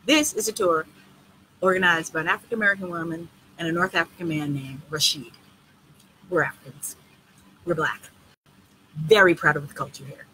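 A woman who organizes tours, answering questions in a casual live video with a blunt, profane, animated way of talking. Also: deep voice, normal speed, long pauses, slight background noise, rough recording. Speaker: tour organizer and host.

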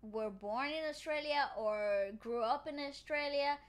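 A woman's voice: sits high, measured pace. A woman hosting a reaction video, chatting casually and giggling a lot. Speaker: host of a reaction channel. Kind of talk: casual chat.

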